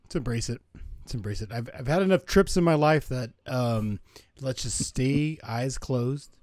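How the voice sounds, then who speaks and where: A man's voice: mid-range voice, moderate pace, darkish tone, no room sound. A man co-hosting a podcast in casual chat, hesitant, laughing often and restarting his words. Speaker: podcast co-host.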